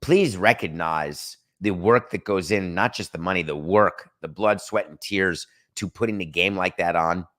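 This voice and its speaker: A middle-aged man with a lowish voice delivers an opinionated sports commentary monologue as host of his show. He is sarcastic and emphatic, hammering his points home and mocking excuses. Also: normal speed, few pauses, fairly bright tone. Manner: sarcastic, emphatic, rants with mock quotes.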